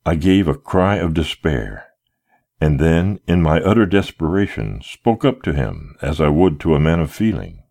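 A man reading a first-person literary story aloud with expressive storytelling. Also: very deep voice, moderate pace, gravelly. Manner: expressive storytelling, wide melodic swings. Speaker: audiobook narrator.

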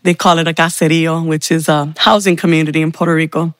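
A woman sharing a heartfelt personal faith testimony, telling her story slowly with pauses. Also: low-pitched, little pitch movement, dry recording.

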